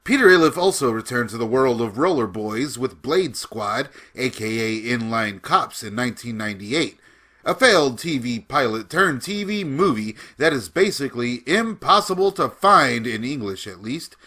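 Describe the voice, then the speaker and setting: A man's voice: medium pitch, lively intonation, normal speed, pushed and bright. A man giving casual film commentary with enthusiasm, often laughing as he talks. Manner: enthusiastic, laughs while talking.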